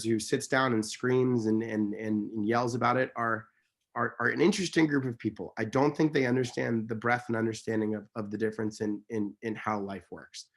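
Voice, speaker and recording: A man in his thirties, a guest in a conversational interview, speaking intensely and emphatically. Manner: intense, emphatic, pitch jumps high when worked up.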